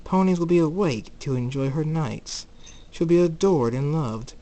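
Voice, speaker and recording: A young man voicing a scheming male villain who coaxes and tempts in a smooth, persuasive way. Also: a little high, normal speed, dark tone, pitched above the performer's own voice, natural voice, poor audio. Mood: coaxing.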